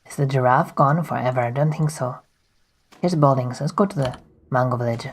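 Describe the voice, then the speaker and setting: A game streamer reading on-screen game text aloud while playing, in a slow, plain reading manner. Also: medium pitch, low-quality recording.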